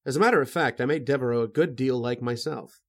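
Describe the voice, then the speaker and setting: An actor playing a flustered, indignant mystery writer in a radio drama. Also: male voice, mid-range voice, quick pace, a bit bright, close to an everyday voice. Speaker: Sam Chase. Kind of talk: 1930s radio drama acting.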